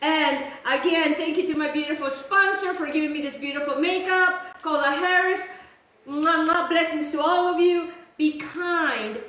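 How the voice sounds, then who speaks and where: Hosting a cooking show, a woman chats casually with viewers while demonstrating a recipe in her kitchen, calling them "guys" and repeating "just like that." Her high, sharp voice stays steady at a moderate pace with few pauses. The low-quality recording is very echoey.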